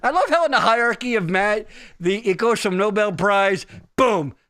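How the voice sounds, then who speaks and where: A man's voice: high voice, moderate pace, no room sound, clean studio sound. A man hosting a podcast in casual chat, joking and swearing freely. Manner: profane, joking, animated. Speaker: podcast host.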